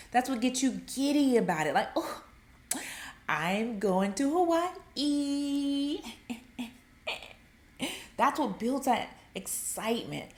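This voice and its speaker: A woman giving dating advice in a casual, animated monologue. She acts out quotes in a high, excited voice, fills her talk with "like" and laughs at her own points. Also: echoey room.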